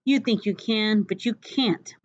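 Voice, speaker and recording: A woman reading aloud, voicing a menacing grown man who is a cold-eyed killer father, quiet and controlled. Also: medium pitch, unhurried, muffled recording, natural voice. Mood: cold menace. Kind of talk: storybook read-aloud.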